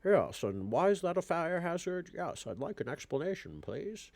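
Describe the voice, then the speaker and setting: A man doing his calm, polite grown-up voice, slow and measured. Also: no room sound. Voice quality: low, soft and measured.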